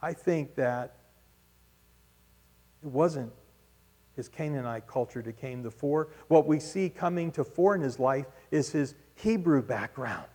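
A man's voice: mid-range voice, a little slow, darkish tone, husky. A man preaching a sermon with emphatic, rhetorical delivery. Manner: emphatic, rising to rhetorical questions. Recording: long hall reverb.

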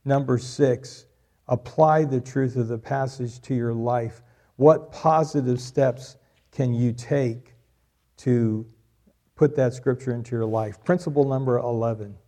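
A man's voice: mid-range voice, steady tone, takes it slowly, warm tone. A middle-aged man preaching a sermon, repeating key lines for emphasis and joking with the congregation. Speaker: pastor.

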